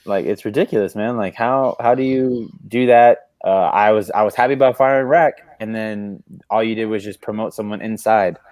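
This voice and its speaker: Low-voiced man venting about his team. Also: fairly even intonation, moderate pace, hardly any pauses, darkish tone, dry recording. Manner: earnest, exasperated fan opinions with many fillers. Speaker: podcast co-host. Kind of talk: casual sports talk.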